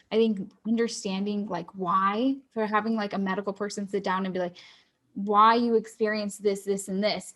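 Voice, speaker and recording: A woman's voice: medium pitch, a bit bright. A young woman co-host reflecting earnestly in a casual discussion, thinking aloud as she talks.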